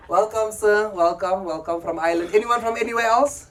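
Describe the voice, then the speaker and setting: South african comic guy on stage, voice a bit high, keeps working the crowd. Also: lively intonation, measured pace, pauses often. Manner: chatty crowd work, acts out voices in his stories. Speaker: stand-up comedian. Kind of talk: stand-up comedy. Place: comedy club stage. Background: audience laughter.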